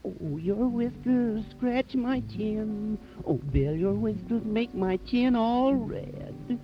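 A woman's voice: a little high, slow. A woman singing as a pleading young maiden in a comic ballad on an old record. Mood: whiny. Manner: whiny, pleading, sung. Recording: lo-fi old record with band backing.

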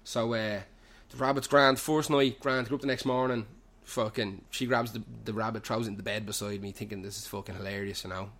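A man's voice: lowish voice, fairly even intonation, brisk, few pauses, a bit bright. Swearing young Irish man telling a story. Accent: Irish, Dublin slang. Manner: heavy swearing, loose run-on storytelling. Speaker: podcast host. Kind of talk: rambling comic anecdote. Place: pub.

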